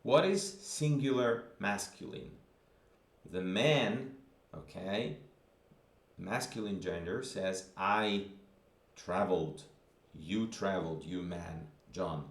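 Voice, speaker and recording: A man's voice: low voice, slow, vocal fry, pauses often, reverberant. A man teaching a grammar lesson, patiently repeating examples and checking in with the listener. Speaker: language teacher.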